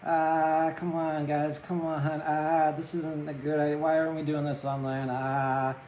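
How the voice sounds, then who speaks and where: A man's voice: fairly high pitch, level tone, unhurried, darkish tone, echoey room, slight background noise, voice pushed up, natural voice. A man voicing an anxious young male prince on a chariot, whining and fretting about crossing water. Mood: fretful. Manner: whiny, fretting.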